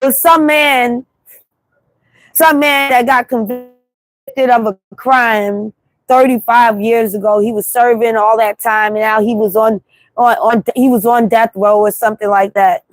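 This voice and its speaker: A woman with a New York accent hosts a casual livestream monologue on a city street at night, telling stories bluntly and repetitively in an animated way. Her voice is fairly high-pitched, and the recording is dry.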